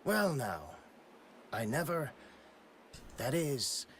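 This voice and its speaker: A stammering pirate grunt. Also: male voice, mid-range voice, sing-song, very slow, fairly bright tone, a little hiss or hum, heavily acted. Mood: flustered. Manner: stammering, hesitant. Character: flustered male sky pirate grunt, cowed. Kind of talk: video game dialogue.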